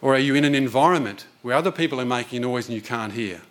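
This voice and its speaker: A man's voice: medium pitch, fast. Earnest man preaching a sermon. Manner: conversational storytelling, earnest.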